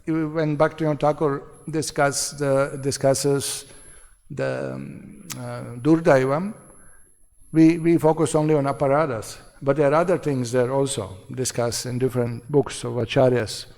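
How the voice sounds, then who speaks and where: A man's voice: mid-range voice, fairly even intonation, unhurried, darkish tone. A man giving a devotional seminar lecture in short, repeated phrases, asking his listeners rhetorical questions. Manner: asks the audience rhetorical questions. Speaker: seminar speaker. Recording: long hall reverb.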